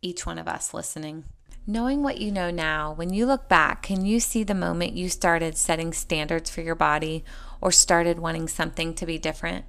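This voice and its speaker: A woman hosting a podcast, calmly reading out listener questions. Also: fairly low pitch, normal speed.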